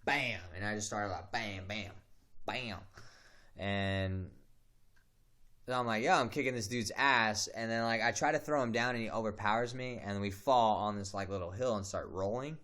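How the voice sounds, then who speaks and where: Profane, animated young man telling stories. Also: fairly low pitch, normal speed. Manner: profane, animated, acts out quotes. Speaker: streamer. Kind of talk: casual storytelling. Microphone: home streaming mic.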